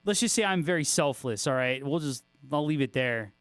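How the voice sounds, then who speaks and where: A man with a slightly raised speaking pitch chats loosely on a guitar livestream, cracking jokes and swearing freely. The sound is close and dry, with little room around his voice. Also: lively intonation, a little fast, fairly bright tone, clean tone, no room sound. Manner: laid-back, joking, swears freely and laughs often. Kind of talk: casual livestream chat, reading viewer comments.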